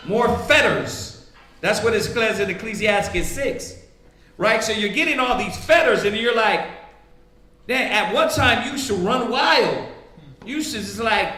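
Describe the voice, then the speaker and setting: Bright-voiced preacher man, echoey room. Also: high-pitched, lively intonation, a little slow. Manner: conversational, acts out quoted voices, asks "right?" often. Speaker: priest teaching scripture. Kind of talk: casual preaching.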